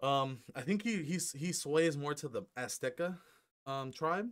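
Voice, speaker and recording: Unhurried and expressive, with a slightly high, somewhat bright voice, a young gaming YouTuber rambles jokingly to camera from home, his dog nearby. He swears freely, fills silences with ums, and speaks into a headset.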